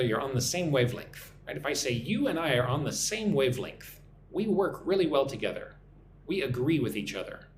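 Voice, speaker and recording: A man's voice: medium pitch, roomy sound, slight background noise. A man from Texas with a mild Texan accent, teaching English on a live stream and reading viewer comments aloud in a chatty way. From Texas, USA.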